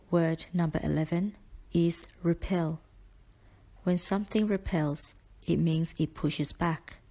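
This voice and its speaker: Slow, low-voiced woman teaching spelling. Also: warm tone. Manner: measured, deliberate, carefully enunciated. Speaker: spelling tutor. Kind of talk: slow spelling-list dictation.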